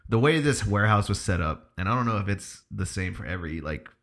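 Man, lowish voice, bright crisp tone, casual profane chat. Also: animated. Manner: loose and profane, quick reactions.

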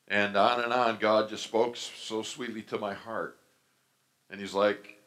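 Older preacher, low voice, fervent. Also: male voice, normal speed. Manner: fervent, personal storytelling with sudden loud outbursts. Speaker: pastor. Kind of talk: sermon.

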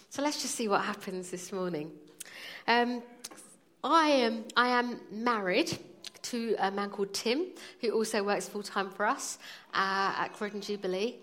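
A woman in her forties preaching, telling a personal story in a lively, humorous way. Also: fairly high pitch.

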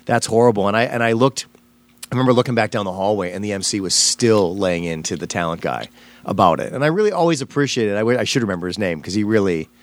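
A man's voice: lowish voice, expressive, fast, dry recording. A man, a stand-up comedian, telling a personal story in a casual interview, rambling with many fillers and restarts.

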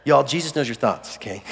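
A man preaching a sermon in a church hall, animated and jokey, acting out the people in his story. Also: medium pitch, normal speed, gravelly. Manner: animated, jokey, acts out voices of characters. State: recovering from flu. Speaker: pastor. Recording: long hall reverb.

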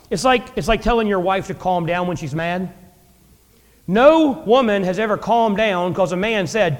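A man's voice: normal speed, big-room sound. A man preaching a sermon as pastor, talking conversationally with humor, rising and dropping sharply for emphasis. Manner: conversational preaching with dramatic pitch swings and asides.

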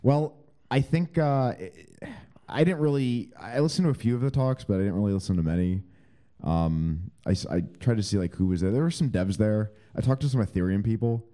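A man's voice: fairly low pitch, brisk, dark tone. A man co-hosting a podcast in casual chat, rambling with many fillers and hesitations. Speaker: podcast co-host.

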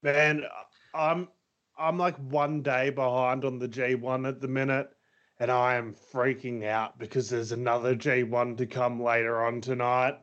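A man's voice: mid-range voice, flat delivery, unhurried, a bit bright. A man co-hosting a casual podcast chat, rambling with lots of fillers and easy laughs. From Australia. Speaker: podcast co-host. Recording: slightly dull lo-fi audio.

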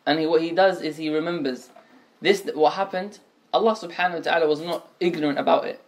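A man's voice: on the high side, fast talker. A man teaching a religious lesson, explaining points step by step, often restating phrases and mixing in Arabic terms. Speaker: Islamic teacher.

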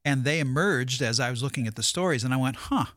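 A man's voice: medium pitch, fast talker, fairly bright tone, dry recording, clean studio sound. A man, a pastor, explaining his preaching in a thoughtful, easygoing casual chat.

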